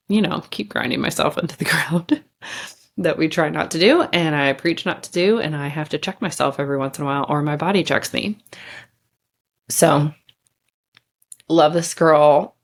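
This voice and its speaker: A low-pitched woman talking straight to her listeners in a loose, candid storytelling way. She chats freely and drops casual swear words as she goes. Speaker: podcast host.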